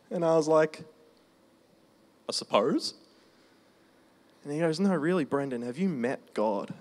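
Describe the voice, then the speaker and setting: A man preaching a testimony sermon in a conversational storytelling way, slowing down for emphasis. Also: medium pitch. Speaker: preacher sharing his testimony.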